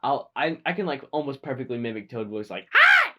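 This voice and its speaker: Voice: quick pace, heavy background noise. A young adult co-hosting a podcast in casual, playful chat with friends. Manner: playful, joking, bursts into high squeals. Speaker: podcast co-host.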